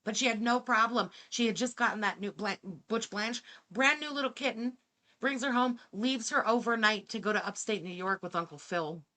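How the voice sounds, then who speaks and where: A woman's voice: a little high, normal speed, bright, forceful tone. A woman hosting reaction commentary, talking in an incredulous, sarcastic way and swearing freely. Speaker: commentary host.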